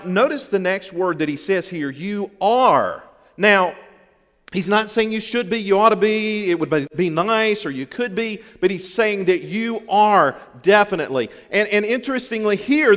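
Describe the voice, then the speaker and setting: A man with a Southern US accent preaching a folksy, humorous sermon, with emphatic repetition to his congregation. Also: high-pitched. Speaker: pastor. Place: church sanctuary. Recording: long hall reverb.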